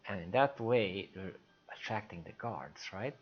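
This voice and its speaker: Sex: man. Role: streamer describing a game. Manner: casual, chatty. Range: lively. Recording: dull, lo-fi. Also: lowish voice, unhurried, breathy edge. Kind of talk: describing a game for blind viewers.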